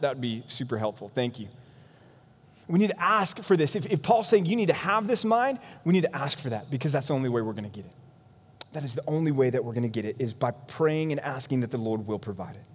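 A man's voice: medium pitch, in a large hall. A man pastor preaching an earnest, emphatic sermon in a church.

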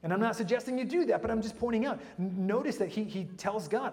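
A man preaching a sermon in a lively way, with humorous asides and frequent restarts. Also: sits high, quick pace, hardly any pauses, big-room sound.

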